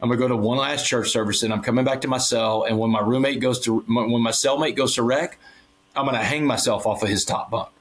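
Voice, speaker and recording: A man's voice: mid-range voice, fairly even intonation, fast talker, poor audio. A man as a podcast guest, earnestly telling a personal story and acting out the dialogue in it. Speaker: guest speaker. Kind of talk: storytelling interview.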